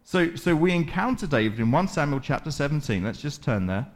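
A man preaching a sermon, retelling a Bible story with dramatic pauses, repeated words and voiced quotes from the characters. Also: on the high side, big pitch swings. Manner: measured, deliberate delivery with repeated words.

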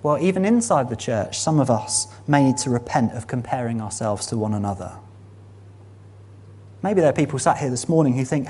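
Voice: medium pitch, expressive, brisk, dark tone, a little hiss or hum. A preacher giving a sermon in a church meeting room, earnest and building to emphatic peaks.

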